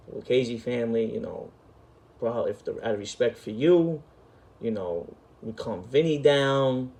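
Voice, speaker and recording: A man's voice: mid-range voice, dark tone. A middle-aged man, telling a story in an emphatic, profane, street-talking way. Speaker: storyteller host. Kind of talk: casual storytelling.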